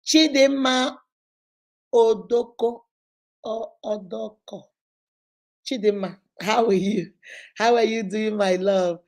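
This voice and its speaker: A woman's voice: a little high, fairly even intonation, slow pace, pauses often, darkish tone. Exuberant Nigerian woman hosting a live stream. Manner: exuberant, calls out viewers by name, preachy. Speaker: host greeting live-stream viewers. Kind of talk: casual live-stream chat with preaching.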